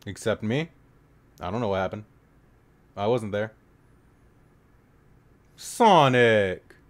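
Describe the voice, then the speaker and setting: A man making jokey, profane reaction commentary on a horror game, trading mumbled asides for sudden shouted outbursts. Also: lowish voice, expressive, takes it slowly.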